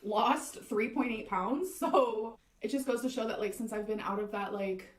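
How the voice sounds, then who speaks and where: A woman's voice: fairly high pitch, moderate pace. A woman talking casually to her camera in a vlog, rambling and repeating herself. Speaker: vlogger.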